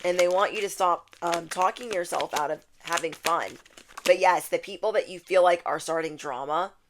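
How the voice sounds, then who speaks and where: A woman with a slightly low voice delivers a casual spiritual tarot reading straight to camera. She talks in a loose, chatty way and keeps circling back to repeat her key lines. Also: normal speed, background noise. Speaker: tarot reader.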